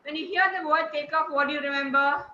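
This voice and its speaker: A woman's voice: high-pitched, fairly even intonation, fast, bright, forceful tone, a little hiss or hum. A woman teaching intonation to a class, encouraging and praising students as she goes. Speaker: speech trainer. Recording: roomy, dull-sounding recording.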